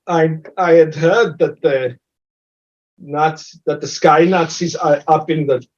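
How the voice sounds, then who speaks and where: A man's voice: on the high side, fairly even intonation, slow. A man voicing a blunt, matter-of-fact female giant in a tabletop game, talking plainly with small hesitations. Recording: dull lo-fi recording.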